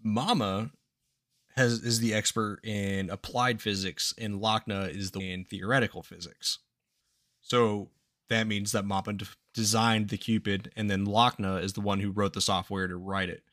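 Bright-voiced man recapping casually. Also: on the low side, moderate pace, no room sound, clean studio sound. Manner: profane, laughing, animated retelling with quoted voices. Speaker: podcast host recapping a game. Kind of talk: casual podcast chat.

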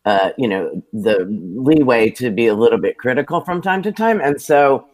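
An American man, a television producer, sits for a relaxed interview and talks at an ordinary mid-range pitch. He tells his career stories with lively, self-deprecating humor, building each anecdote with an easy conversational flow. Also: moderate pace. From United States. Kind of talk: casual storytelling interview.

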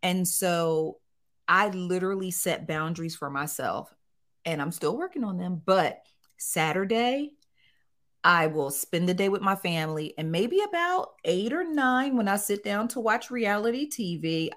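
Animated woman telling a story. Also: lowish voice, normal speed. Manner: animated, acts out quotes in voices. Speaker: guest, site owner. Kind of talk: casual storytelling interview.

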